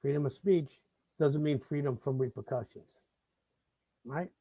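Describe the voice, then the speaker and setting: A man's voice: fairly high pitch, unhurried, breathy edge, no echo, narrow, tinny audio. A middle-aged man from the Bronx with a New York accent, hosting a live talk-show monologue, swearing freely and repeating himself in heated bursts. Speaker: host.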